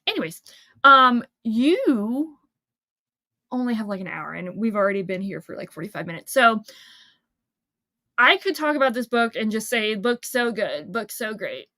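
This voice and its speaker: Bright-voiced woman chatting about books. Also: on the high side, sing-song, moderate pace, pauses often, no room sound, studio quality. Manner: chatty, rambling with many fillers. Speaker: book channel host. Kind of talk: casual chat about a book.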